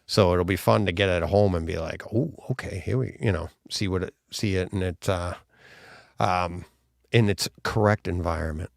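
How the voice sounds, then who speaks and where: Gravelly man chatting casually on a podcast. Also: low voice, fairly even intonation, normal speed, dry recording, clean studio sound. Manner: rambling, self-deprecating, laughs often. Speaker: podcast co-host. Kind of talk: casual live-stream chat.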